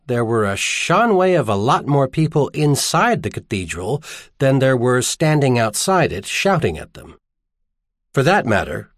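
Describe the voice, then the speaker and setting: A man narrates a novel as an audiobook, with a lively, wide-ranging voice that rises and falls with the story. His pitch sits in the middle range. The recording is close and completely dry. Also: no echo. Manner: expressive storytelling. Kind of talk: scripted narration.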